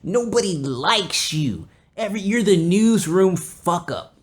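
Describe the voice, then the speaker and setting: A man's voice: high voice, animated, slow pace, pitched above the performer's own voice. A man imitating an arrogant male TV coworker who scolds and looks down on him. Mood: haughty. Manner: haughty, scolding.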